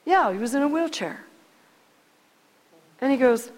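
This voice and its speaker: A woman's voice: high-pitched, animated, a little slow, pauses often, darkish tone. A woman in her sixties telling a story in a casual, rambling way, full of restarts and heartfelt asides. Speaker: speaker sharing a story. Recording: long hall reverb.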